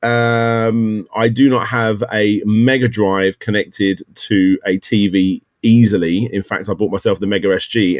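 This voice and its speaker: A man's voice: fairly low pitch, no echo, studio quality. A British man hosting a casual gaming news podcast, rambling and correcting himself as he goes. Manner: rambling, self-correcting, upbeat. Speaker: podcast host.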